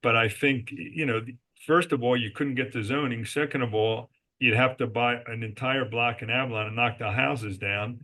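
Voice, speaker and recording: A man's voice: mid-range voice, fairly even intonation, normal speed, bright, forceful tone. A man as a guest in a podcast interview, telling business stories emphatically and answering his own rhetorical questions. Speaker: guest, resort company executive.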